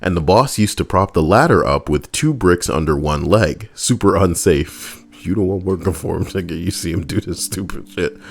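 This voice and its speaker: A man's voice: sits low, normal speed, gravelly, hardly any pauses. A man casually reading online stories aloud on a live stream, swearing freely, laughing and breaking off to riff between lines.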